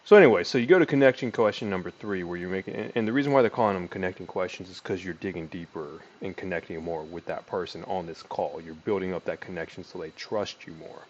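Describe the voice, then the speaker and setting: A man with a lowish voice talks through sales call techniques in a loose, conversational teaching style. He peppers his speech with fillers and restarts, and his inflection swings up and down. The recording sounds a little dull and lo-fi. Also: quick pace, hardly any pauses, slight background noise. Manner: lively inflection, pitch rising and falling. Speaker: sales trainer. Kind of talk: casual teaching monologue with role-played call lines.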